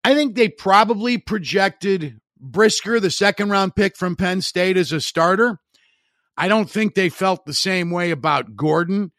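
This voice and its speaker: Blunt, opinionated sports podcast host. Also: male voice, high-pitched, a little slow, fairly bright tone, no echo, clean studio sound. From Chicago area. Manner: opinionated, blunt and wry, with frequent restarts. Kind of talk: sports talk monologue.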